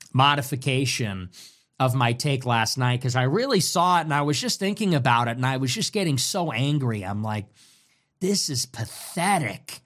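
A man's voice: mid-range voice, a bit bright. A man commentating in a solo monologue, emphatic and repetitive in short punchy sentences.

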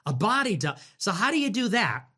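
A man's voice: high voice, sing-song, brisk, bright, forceful tone, breathy edge. A man hosting a livestream, ranting in a sarcastic, mocking way to his chat. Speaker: livestream host. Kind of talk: livestream commentary rant.

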